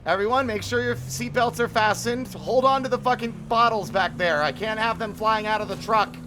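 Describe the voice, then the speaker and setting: In a high, pushed, bright voice at normal speed, a man streams a driving game live, joking and swearing freely as he chats casually with viewers. There's a slight hiss or hum, and game music plays behind him.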